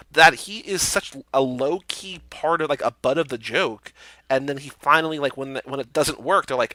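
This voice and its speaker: A man's voice: mid-range voice, no room sound. A young man co-hosting a casual movie podcast, talking animatedly and acting out lines from the film. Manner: animated, acts out movie lines in quick bursts. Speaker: podcast co-host.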